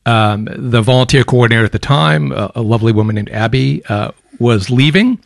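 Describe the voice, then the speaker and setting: A man in his fifties with a softened Boston American accent, telling stories as a guest on a radio talk show. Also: mid-range voice, animated, fairly quick, vocal fry, no echo. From Boston, United States. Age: 50s. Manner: chatty anecdotal storyteller, dry jokes. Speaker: radio guest, volunteer coordinator. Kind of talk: casual radio interview. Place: radio studio.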